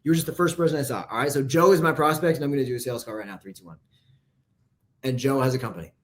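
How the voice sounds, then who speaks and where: A man coaching copywriting in a casual, profane live lesson. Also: medium pitch. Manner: casual, profane, fast-talking.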